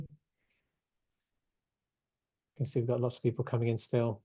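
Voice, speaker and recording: Mellow-voiced man hosting a video call. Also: mid-range voice, completely flat delivery, normal speed, husky, no room sound, dull audio. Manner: chatty, reads out chat replies, many fillers. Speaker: webinar host. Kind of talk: casual chat hosting an online webinar.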